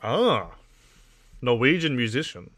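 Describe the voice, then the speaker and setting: A man's voice: mid-range voice, big pitch swings, slow, a bit bright. A young man with an Australian accent carrying a trace of English, chatting casually on a political live stream and rambling through responses to his chat. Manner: rambling, reacting to chat messages.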